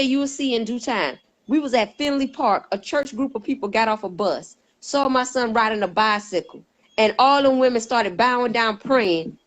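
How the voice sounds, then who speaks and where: A woman with a somewhat high voice tells her personal testimony as a guest. She speaks earnestly and emphatically, acting out the voices in the conversations she recounts. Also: rough recording. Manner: earnest, emphatic storytelling that acts out quoted dialogue.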